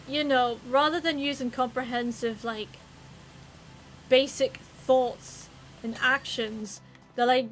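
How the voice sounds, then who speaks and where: Woman streamer, fairly high voice, loose and sweary chat, faint music behind. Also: fairly bright tone. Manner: rambling and profane, with many fillers. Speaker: livestreamer.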